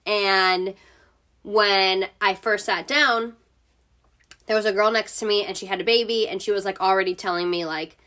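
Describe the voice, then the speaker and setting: A woman's voice: mid-range voice, steady tone, normal speed, sharp tone. A woman talks through her own podcast at home in a loose, chatty manner. She swears often and pads her sentences with filler words. Her voice sits in an ordinary middle range. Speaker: podcast host. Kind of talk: casual solo podcast storytelling.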